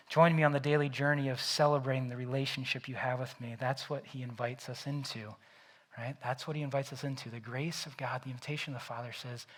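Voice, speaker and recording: A man preaching a sermon as pastor, animated and acting out the Bible characters in quoted voices. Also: a little high.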